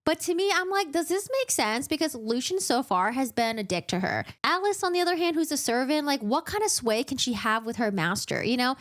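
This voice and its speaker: Woman, casual book recap, chatty, joking asides, animated pitch. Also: brisk, few pauses.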